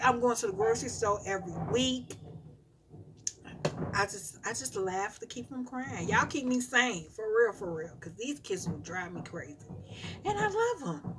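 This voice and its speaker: A mother live-streaming, telling animated stories about her children in a casual rant and laughing often. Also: fairly high pitch, a little slow, a little hiss or hum.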